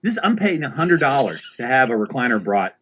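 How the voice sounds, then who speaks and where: A man's voice: medium pitch, very animated, fairly quick, fairly bright tone, husky. A man hosting a casual podcast chat, telling exasperated, profane stories. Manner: ranting, profane, exasperated storytelling. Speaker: podcast host.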